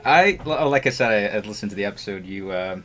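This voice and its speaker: Male co-host with a lowish voice, casual and halting. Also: animated, a bit bright. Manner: halting, lots of "like". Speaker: podcast co-host. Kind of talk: casual podcast chat.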